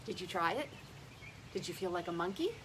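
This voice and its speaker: A woman's voice: on the low side, expressive, fairly quick, background noise. A woman leading a playful yoga lesson for young children, speaking in a sing-song way. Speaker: early childhood educator leading kids' yoga.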